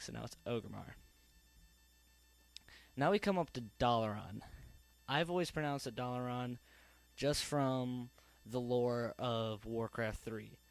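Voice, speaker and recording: A man's voice: mid-range voice, poor audio. A man talking casually in a vlog reply, rambling and joking at his own expense. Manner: casual, rambling, self-deprecating. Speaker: video creator.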